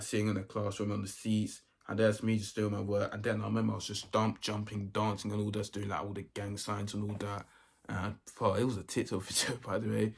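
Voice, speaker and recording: A man's voice: fairly low pitch, creaky. A young man, telling a story in a casual, rambling way that keeps repeating itself. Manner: rambling, repeats himself often. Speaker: vlogger.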